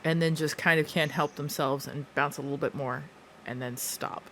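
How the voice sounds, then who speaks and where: A player in a tabletop role-playing game who describes their character's actions in a relaxed way. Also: medium pitch, normal speed, slight background noise.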